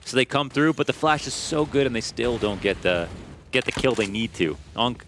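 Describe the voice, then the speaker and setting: A man gives casual color commentary on an esports match, slangy and joking, at an average pitch. Clicks and gunfire from the game sit clearly beneath his voice. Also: lively intonation, moderate pace, a bit bright. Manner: casual, slangy, jokey analysis. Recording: noisy game audio behind.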